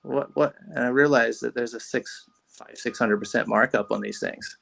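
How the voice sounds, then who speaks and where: A man's voice: mid-range voice, moderate pace, creaky, a bit bright. A man being interviewed on a podcast, telling a rambling story with lots of restarts and fillers. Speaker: podcast guest, fishing rod company founder.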